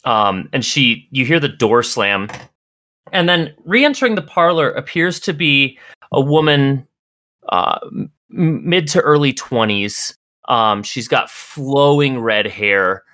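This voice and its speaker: Game master narrating, lively pitch. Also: slow, no room sound, studio quality.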